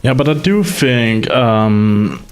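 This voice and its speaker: A man's voice: mid-range voice, expressive, slow pace, clear, resonant tone, soft background music. A man chatting casually as a developer, wry and hesitant, with many fillers. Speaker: streamer and developer. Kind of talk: casual chat.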